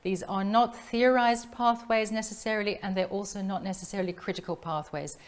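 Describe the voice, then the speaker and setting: Woman lecturer, middle-aged, from south africa, measured, reflective, hesitant restarts. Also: mid-range voice, steady tone. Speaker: literature professor giving a talk. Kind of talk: academic lecture.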